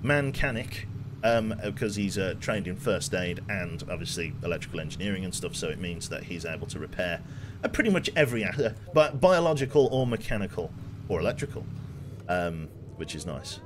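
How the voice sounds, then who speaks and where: Brief: young English male streamer with a hint of Brummie, low-pitched voice, chatty game commentary, faint hum behind. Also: lively intonation, brisk. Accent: light Birmingham. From England. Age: 20s. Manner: chatty, self-mocking, reads out game menus. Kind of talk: live gameplay commentary.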